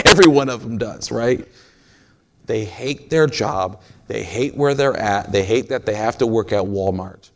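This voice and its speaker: A man preaching a sermon in a folksy, storytelling way, joking with the congregation. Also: fairly low pitch.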